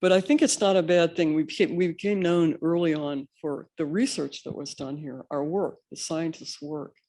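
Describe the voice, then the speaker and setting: Man, slightly high voice, rambling panel storyteller, lots of ums. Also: fairly even intonation, normal speed, a little mellow. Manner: rambling anecdotal storytelling with fillers. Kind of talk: recounting institute history at a panel.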